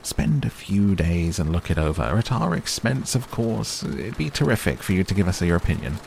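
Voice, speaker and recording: A man's voice: low voice, very animated, moderate pace, vocal fry, darkish tone, slight background noise, voice pushed up, heavily acted. A man doing a cheery, pushy old tycoon. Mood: persistent. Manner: pushy, talks over others, distracted. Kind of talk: audiobook character reading.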